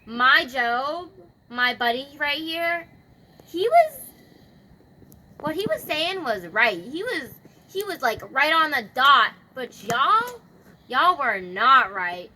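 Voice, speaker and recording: A boastful, all-powerful God who chats in loose modern slang and lectures his listeners, as a woman puts him on. The voice sits high and bright. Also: lively intonation, moderate pace, a little hiss or hum, rough recording. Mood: scolding. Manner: chatty slangy retelling, bragging.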